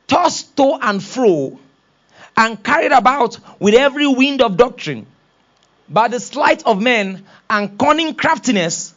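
A man's voice: very high-pitched, fairly bright tone, dull audio. A man preaching a sermon, acting out quoted voices and laughing often. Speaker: pastor.

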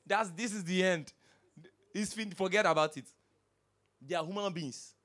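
A man with a Nigerian accent, a pastor preaching a sermon, lively and humorous, asking the congregation question after question. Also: sits high, normal speed, pauses often. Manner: animated preaching with humor and repeated rhetorical questions.

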